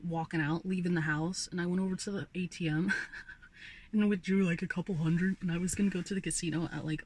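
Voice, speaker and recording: A woman's voice: fairly low pitch, slight background noise. A young woman vlogger ranting casually about her old job, swearing freely and sighing often. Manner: profane, ranting, sighs often. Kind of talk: casual rant.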